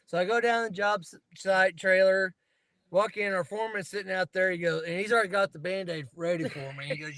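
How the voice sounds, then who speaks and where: A man's voice: sits high, steady tone, brisk, fairly bright tone, no echo, poor audio. A man telling rambling work stories in casual chat, laughing at himself.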